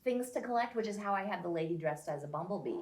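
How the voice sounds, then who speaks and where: A middle-aged woman telling lively anecdotes in casual conversation, acting out what others said. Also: medium pitch, quick pace, a little hiss or hum. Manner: animated, acts out quoted people in a raised voice. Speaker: guest, social media creator. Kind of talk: casual storytelling.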